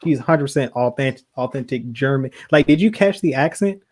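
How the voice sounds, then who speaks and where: A man co-hosting a podcast in casual chat, animated, with quick asides and laughs. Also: mid-range voice. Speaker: podcast co-host.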